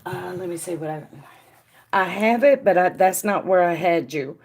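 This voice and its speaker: Chatty low-voiced woman reading tarot. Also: moderate pace. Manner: chatty, addresses viewers by name; drops to a quiet murmur when asking the cards. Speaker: tarot reader and stream host. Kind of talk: casual live-stream tarot reading.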